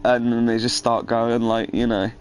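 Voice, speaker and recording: A man's voice: mid-range voice, level tone, moderate pace. A man in casual, rambling, profane chat, telling funny stories. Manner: rambling, profane, laughing storyteller. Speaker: streamer.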